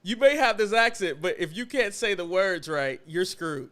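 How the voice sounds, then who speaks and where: Bright-voiced man hosting wrestling podcast. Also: sits high, animated, normal speed. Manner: laughing, teasing banter. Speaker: podcast host. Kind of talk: casual chat. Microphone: video call.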